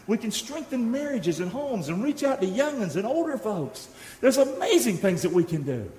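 Middle-aged male pastor, high bright voice, lively call-and-response sermon, echoey church hall. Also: moderate pace. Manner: exhorting, call-and-response with congregation. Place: church sanctuary. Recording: echoey hall, long reverb.

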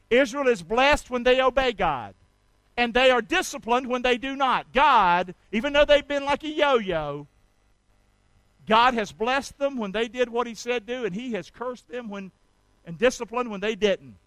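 High, bright-voiced preacher. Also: male voice, dry recording, low-quality recording. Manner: call-and-response, urging the congregation to repeat after him; emphatic, swinging between loud exhortation and quiet asides. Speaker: pastor. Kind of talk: sermon.

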